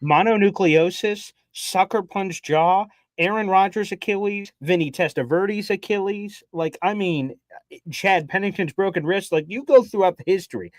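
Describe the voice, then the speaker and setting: A man co-hosting a casual sports talk show, telling a story in a lively way and acting out his own reactions. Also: sits high, moderate pace, no room sound. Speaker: podcast co-host. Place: radio station studio.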